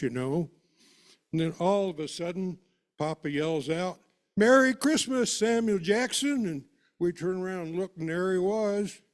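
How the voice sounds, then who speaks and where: A man tells a first-person tale with a homespun rural turn of phrase, chatty and unhurried. His voice sits a bit high for a man, and he speaks as a storyteller to a gathered congregation. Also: a little mellow. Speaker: storyteller at a worship service.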